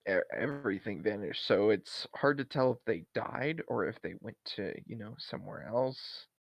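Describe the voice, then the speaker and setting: A man's voice: lowish voice, normal speed, gravelly, no echo. A man co-hosting a podcast, casually retelling a story with lots of fillers and restarts. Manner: rambling retelling with many fillers. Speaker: podcast co-host. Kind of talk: casual chat.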